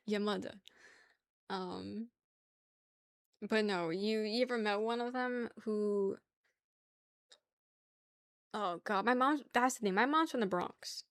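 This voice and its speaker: A woman's voice: mid-range voice, slow, pauses often, no room sound, clean studio sound. A woman chatting casually with her live-stream chat, laughing often and arguing playfully. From New York.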